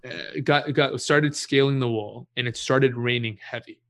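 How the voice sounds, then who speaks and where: A young man with a bright, forward voice tells a story in an easygoing, unhurried way. He swears freely and laughs at his own mishaps, like a guest on a chatty podcast. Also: medium pitch, vocal fry. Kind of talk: casual storytelling.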